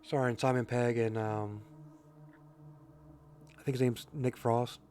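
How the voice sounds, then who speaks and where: A man's voice: mid-range voice, fairly even intonation, slow pace, a little mellow, slight background noise. Joking male game streamer. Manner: joking, chatty, reads chat aloud. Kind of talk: casual gameplay commentary.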